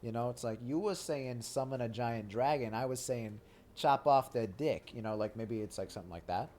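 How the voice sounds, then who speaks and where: A young man streams a video game with game music behind him, chatting casually and reading game dialogue in a rambling, joking style full of "like" and crude humor. His medium-pitched voice has a dark tone and normal speed, with a little hiss or hum.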